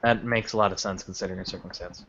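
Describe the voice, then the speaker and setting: A man's voice: low-pitched, fairly even intonation, fast talker. A man running a tabletop role-play game, talking loosely with many fillers. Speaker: game master. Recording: dull lo-fi voice chat with faint noise.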